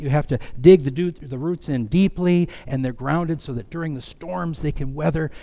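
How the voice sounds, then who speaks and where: A man's voice: fairly high pitch, vocal fry, darkish tone, long reverb tail. A man preaching a sermon in a folksy, self-deprecating way, with light humor. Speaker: pastor.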